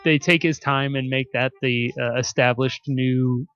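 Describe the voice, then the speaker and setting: This is a man with an ordinary mid-range voice, co-hosting a laid-back talk show. He speaks conversationally and is quick to laugh along. The audio sounds dull, like a lo-fi stream. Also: mid-range voice, steady tone, fairly bright tone, smooth. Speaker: podcast co-host. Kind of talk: casual chat.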